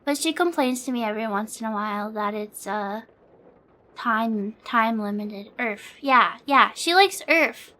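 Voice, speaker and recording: A woman's voice: a little high, lively intonation, measured pace, sharp tone. A young woman streamer chatting casually, rambling with lots of fillers and swearing freely. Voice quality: sleepy.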